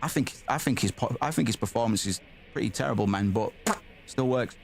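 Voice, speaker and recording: A man's voice: mid-range voice, brisk, gravelly, over music. Cursing male streamer reading game text. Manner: blunt, swears freely, drawls "man" and "bro". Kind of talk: casual gameplay commentary, reading game text aloud.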